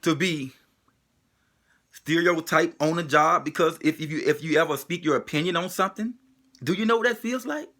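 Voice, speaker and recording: A man's voice: on the high side, moderate pace, sharp tone. A man delivering an emotional spoken monologue, driving it forward with the same pointed rhetorical question again and again.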